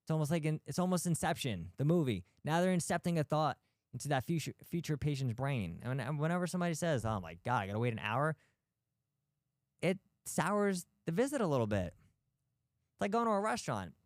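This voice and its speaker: With a voice on the high side and a darkish tone, this man speaks in a clean studio with no room sound. He's a physical therapist hosting a podcast for healthcare practice owners, bluntly and emphatically tossing out rhetorical questions and occasional swearing.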